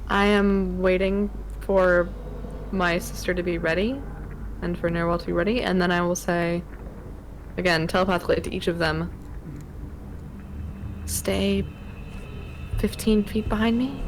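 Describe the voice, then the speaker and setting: A woman playing a tabletop game, calmly describing what her character does. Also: on the low side, moderate pace, slight background noise, poor audio. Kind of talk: casual play over a call.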